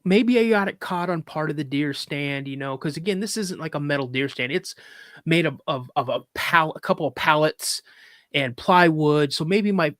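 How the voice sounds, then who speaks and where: A man, a podcast guest, telling a story in a casual, animated way with acted quotes. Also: fairly high pitch, dry recording, clean studio sound. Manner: rambling with restarts.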